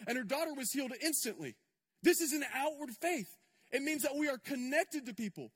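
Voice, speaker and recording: A man's voice: very high voice, expressive, fairly quick, fairly bright tone, long reverb tail. A male pastor preaching a sermon in a church, conversational and emphatic, with repetitions and asides to the congregation. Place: church sanctuary.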